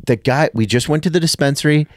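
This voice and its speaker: A man's voice: a little high, fast talker. A man, a comedian guest, telling a story in casual chat and acting out the voices of the people in it. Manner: animated, acts out quoted voices.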